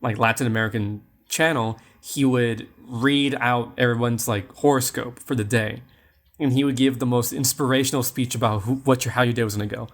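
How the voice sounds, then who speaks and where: A man's voice: medium pitch, fairly even intonation, brisk. Chatty man reviewing films on a podcast. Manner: chatty, rambling, many fillers and restarts. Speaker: podcast co-host. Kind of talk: casual film review chat.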